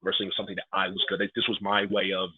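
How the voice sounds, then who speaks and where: A man's voice: low-pitched, monotone, rapid-fire, breathy edge. A man, a wrestler guesting on a podcast, telling a heartfelt story in casual, rambling talk full of "like" and "man". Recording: phone-like narrow band audio.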